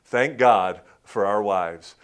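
A pastor delivers his sermon slowly and smoothly in a conversational style, full of fillers and restarts. When he quotes someone, he acts it out in a louder, higher voice.

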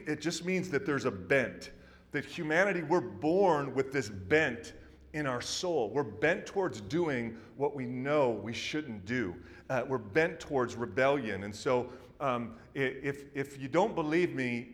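Brief: man in his thirties, pastor, lively sermon delivery, pitch swinging high and low, hush-to-loud dynamics. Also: unhurried, in a large hall. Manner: animated storytelling, swings between loud excitement and hushed intensity.

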